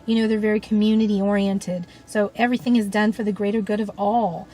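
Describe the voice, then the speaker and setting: A woman's voice: medium pitch, little pitch movement, a little fast, warm tone, a little hiss or hum, low-quality recording. A woman with an earnest, thoughtful manner, speaking in a reflective monologue and often leaning on "you know" and "um". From United States. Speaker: shamanic practitioner and teacher.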